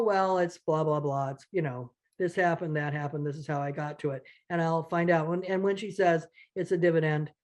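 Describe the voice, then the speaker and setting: A woman's voice: lowish voice, a little mellow. A woman giving a workshop lecture in a conversational way, with many fillers and restarts, often acting out what donors say. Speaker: fundraising trainer.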